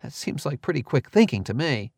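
A man's voice: mid-range voice, big pitch swings, brisk, a little mellow, husky, no echo, clean studio sound, voice pushed up. A man voicing a skeptical young woman who questions others' reasoning, in an audiobook reading.

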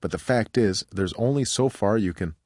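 A man voicing an earnest woman in a read-aloud story, who speaks in a hushed, confiding way. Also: fairly low pitch, moderate pace, dry recording, clean studio sound, close to an everyday voice.

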